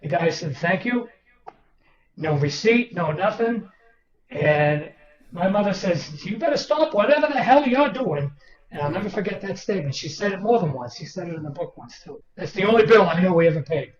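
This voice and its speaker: Older man, lively storyteller, slightly high voice, distant roomy lo-fi sound with a crowd behind. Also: a little fast. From Boston, Massachusetts. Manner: animated anecdotal storyteller, acts out quoted people. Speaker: author guest. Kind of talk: storytelling interview.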